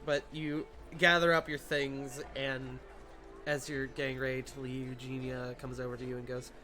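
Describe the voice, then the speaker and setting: A man running a tabletop game as game master, narrating scenes in a casual, animated way with swearing. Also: mid-range voice, moderate pace, faint music behind.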